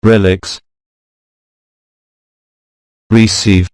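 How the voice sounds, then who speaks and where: A pronunciation teacher with a lowish voice reads a scripted lesson slowly and deliberately, saying each example word separately. His delivery is flat, his tone clear and resonant, and the recording is close and dry with no room sound.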